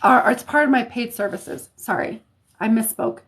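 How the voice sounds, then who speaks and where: An American woman with a fairly high voice, chatting with a livestream audience as a psychic reader. Her talk is casual and loose, with plenty of fillers and little restarts. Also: normal speed, fairly bright tone, husky. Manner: chatty, hesitant, many fillers.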